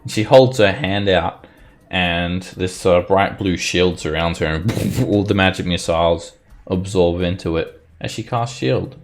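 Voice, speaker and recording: A man narrating combat as game master of a tabletop game, relaxed and descriptive. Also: low voice, measured pace.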